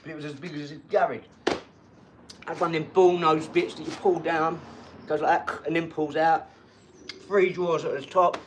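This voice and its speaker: A man hosting a casual live stream from his home garage, talking in an energetic, rambling, chatty way. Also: fairly high pitch, moderate pace, long pauses, slight background noise. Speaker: livestream host.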